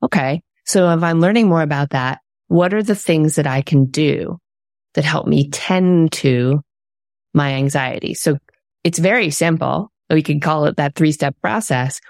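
A woman author as an interview guest, speaking calmly and earnestly in a reflective way. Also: low voice, measured pace, no room sound, studio quality.

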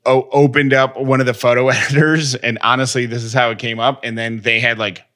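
A man's voice: mid-range voice, level tone, a little fast, sharp tone. A man co-hosting a podcast in casual chat, rambling and interrupting himself. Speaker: podcast co-host.

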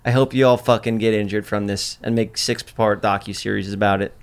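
Brash, profane man talking fast. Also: on the low side, steady tone, clean tone. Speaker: podcast host. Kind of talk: casual podcast chat.

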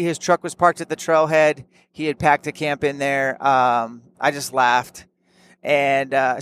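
A man's voice: fairly high pitch, a bit bright, clear, resonant tone. A young man, a hunting vlogger, tells about his trip in frank, plain-spoken, laid-back casual storytelling.

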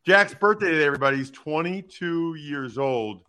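A man hosting a sports talk show, giving emphatic, animated opinions on football news and teasing his co-host. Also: fairly high pitch, moderate pace, clear, resonant tone.

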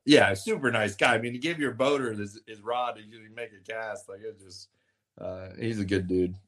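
A man hosting a casual podcast chat, easygoing and quick to laugh. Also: on the low side. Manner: easygoing, laughs often, relaxed backchannel. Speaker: podcast host.

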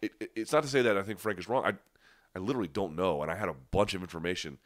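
A man with a deep voice and a stuffy nose chats casually with viewers on a live stream. He restarts sentences often and leans hard on his points. The sound is close and dry, with no room around it. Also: very fast, no room sound. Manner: conversational, frequent restarts and fillers, emphatic asides. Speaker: livestream host. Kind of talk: casual live chat answering viewer questions.

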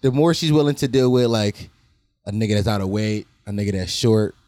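A man's voice: lowish voice, fairly quick, a little mellow, no echo. A young man co-hosting a podcast, teasing the others with crude jokes in casual banter. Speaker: podcast co-host.

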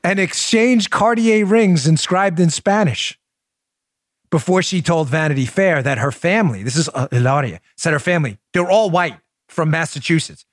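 A man's voice: a little high, moderate pace. A man hosting a political commentary podcast, sarcastic and incredulous, firing off rhetorical questions. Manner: sarcastic, mocking asides. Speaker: podcast host.

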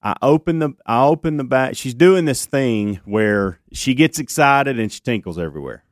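A man's voice: mid-range voice, lively intonation, moderate pace, no echo, studio quality. A man hosting a morning radio show, telling a long story in casual chat with lots of restarts and fillers. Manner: rambling storyteller with many restarts and ums.

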